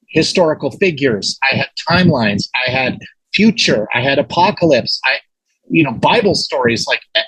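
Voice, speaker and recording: A man tells a story as an interview guest, excitable and animated, tripping over his own words. His voice is husky and sits a little high. The sound is dry and close. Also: dry recording, poor audio. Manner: animated, excitable, swears, many restarts.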